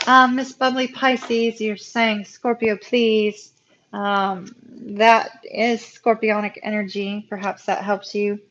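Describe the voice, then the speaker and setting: A woman giving a live-stream tarot reading, talking to viewers warmly and getting emotional. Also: medium pitch, flat delivery, takes it slowly, highs cut off, a little hiss or hum. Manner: emotional, talks to viewers as "y'all". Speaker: tarot reader.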